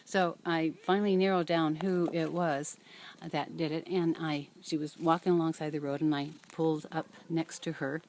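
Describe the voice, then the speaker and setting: A woman's voice: deep voice, fairly even intonation, moderate pace, darkish tone, slight background noise. An older woman running a cat rescue, telling a personal story in a reflective, hesitant way with many fillers and restarts.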